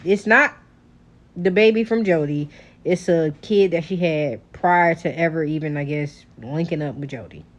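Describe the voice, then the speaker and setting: A woman vlogger telling a storytime tale in an animated, profane way, often calling out to her viewers. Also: low voice, normal speed, dull audio. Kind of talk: storytime vlog.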